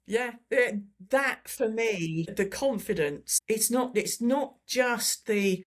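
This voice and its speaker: A woman's voice: a little high, expressive, slow pace. A woman, a holistic therapist, talking enthusiastically as an interview guest, often repeating words as she gathers her thoughts. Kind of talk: casual testimonial chat.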